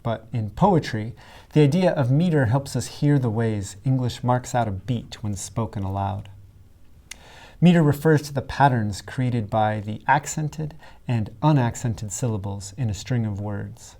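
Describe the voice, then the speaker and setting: A man who teaches writing, giving a scripted lesson in a clear, deliberate way and stressing his example words heavily. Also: medium pitch, dark tone. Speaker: writing instructor. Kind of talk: scripted educational narration.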